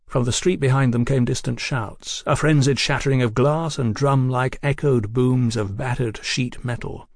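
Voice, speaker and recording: A man narrating an audiobook in an expressive storytelling manner. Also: medium pitch, moderate pace, gravelly, hardly any pauses, no room sound, clean studio sound. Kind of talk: scripted narration.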